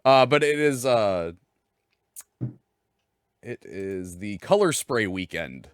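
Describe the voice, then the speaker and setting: A man's voice: on the low side, expressive, slow, clean tone, no room sound, clean studio sound. A man filling in as host of a live stream, chatting casually and rambling through restarts in a self-deprecating way.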